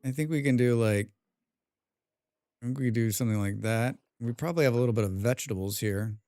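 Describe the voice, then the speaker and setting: A man's voice: mid-range voice, brisk, warm tone. A man live-streaming a survival game, reading viewer chat aloud and answering with dry, rambling jokes, humming and mumbling to himself in between.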